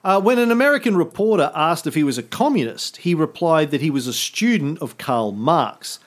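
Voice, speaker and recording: Guy cohosting a history podcast, a bit high pitched, sarcastic jokes, lots of uh and um. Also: lively intonation, normal speed. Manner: jokey, sarcastic asides with many fillers. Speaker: podcast co-host. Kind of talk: casual history chat.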